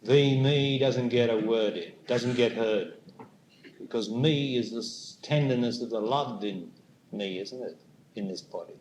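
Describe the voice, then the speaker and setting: A man giving a spiritual talk to a live audience, speaking slowly and deliberately and putting questions to the listeners. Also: mid-range voice, a little mellow. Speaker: spiritual teacher. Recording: echoey room with faint noise.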